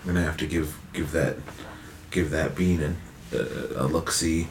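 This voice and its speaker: A man's voice: a bass voice, normal speed, creaky, slight background noise. A man playing in a tabletop game, joking in character and trying a put-on accent that keeps drifting. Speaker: player. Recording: echoey room.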